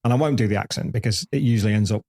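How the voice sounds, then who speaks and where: A man's voice: on the low side, racing, darkish tone. A man in his fifties, a podcast host telling rambling stories with lots of restarts in a candid interview. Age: 50s. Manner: rambling anecdotal storyteller with frequent restarts.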